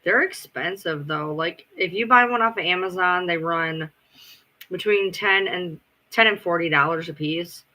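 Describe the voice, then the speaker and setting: A man's voice: high voice, moderate pace, bright, forceful tone. A man chatting casually on a live stream, rambling, swearing freely and answering his chat as he goes.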